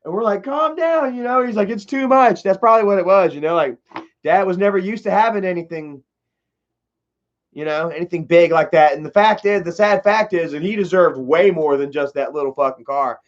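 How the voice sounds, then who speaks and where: A man's voice: high voice, fairly quick. Rambling, profane man. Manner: profane, rambling, heavy fillers. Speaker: livestreamer telling a family story. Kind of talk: casual storytelling livestream. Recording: dull lo-fi livestream audio.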